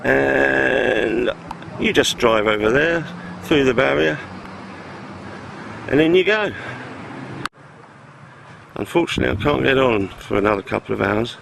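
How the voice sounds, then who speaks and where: A relaxed man gives a chatty walk-around commentary with a gravelly edge to his voice. He is recorded outdoors, and clear traffic and car noise run behind him. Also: mid-range voice, unhurried, pauses often. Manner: relaxed, chatty with hesitant fillers. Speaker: vlogger on a track visit. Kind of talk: casual walk-around narration. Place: outdoors at a racetrack.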